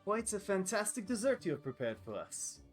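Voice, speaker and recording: A man's voice: high-pitched, big pitch swings, a little fast, soft background music, voice pushed up. A man voicing a formal master chef. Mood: gracious.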